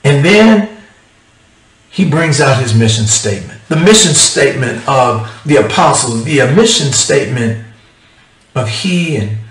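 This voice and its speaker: A man preaching an animated, emphatic sermon, firing off rhetorical questions to his congregation. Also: medium pitch, reverberant, recorded from a distance, low-quality recording. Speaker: pastor.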